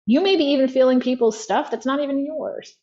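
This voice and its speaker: A woman's voice: high voice, brisk, warm tone, lo-fi sound. Chatty woman telling a client story. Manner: chatty, frequent "like" fillers. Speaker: guest therapy practitioner. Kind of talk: conversational storytelling.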